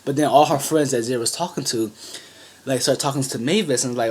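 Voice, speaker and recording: A man in the middle range of pitch talks through an anime episode as an online reviewer. His recap is casual and loosely organized, full of restarts and side comments as he chats to his viewers. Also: brisk, a little mellow, husky. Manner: rambling, with frequent restarts and asides.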